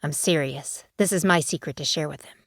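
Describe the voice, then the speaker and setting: A stern dragon woman in human form speaks in a clipped New York accent, voiced by a woman narrator. Her delivery is firm, dry and low-pitched. The recording is close and dead, with no room echo. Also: a little fast.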